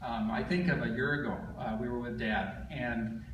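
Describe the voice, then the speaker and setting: Halting son's eulogy in an echoey hall. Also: male voice, medium pitch, fairly even intonation, muffled recording. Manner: halting, with frequent filler pauses and gentle humor. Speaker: son giving a eulogy. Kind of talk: funeral eulogy. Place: funeral service hall. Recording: echoey hall from far off, background hiss.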